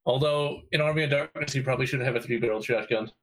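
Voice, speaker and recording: A man's voice: medium pitch, rapid-fire, a little hiss or hum. A man chatting casually on a podcast, joking about the film.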